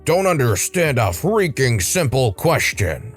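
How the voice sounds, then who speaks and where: A man's voice: medium pitch, very animated, soft background music. Man doing a rude angry male patient. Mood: sneering. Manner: slow, menacing, insulting.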